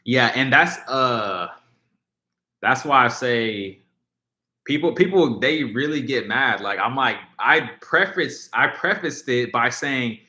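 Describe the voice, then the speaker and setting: A man's voice: mid-range voice, expressive, slow, bright, forceful tone. A man hosting a casual livestream, chatting with viewers in a rambling way, full of fillers and restarts. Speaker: livestream host reacting to music. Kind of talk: casual livestream chat, reading viewer comments. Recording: roomy echo.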